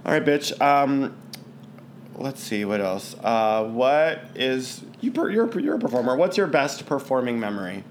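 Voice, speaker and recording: A man's voice: medium pitch, expressive, a little slow, slight background noise. A man hosting a casual podcast chat with a sassy, teasing, campy manner. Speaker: podcast host, drag performer.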